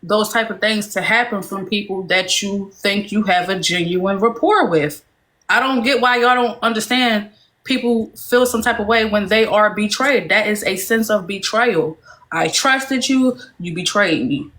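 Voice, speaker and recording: A woman hosting a live stream makes an earnest case, stopping to ask rhetorical questions. Her voice is mid-pitched and plain. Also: measured pace, fairly bright tone. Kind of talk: casual live-stream commentary.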